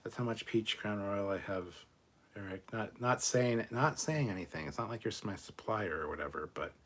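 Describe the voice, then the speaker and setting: At normal speed and in a lowish, somewhat bright voice, a man runs a casual livestream. He cracks loose jokes and reads out donations, naming and thanking each viewer.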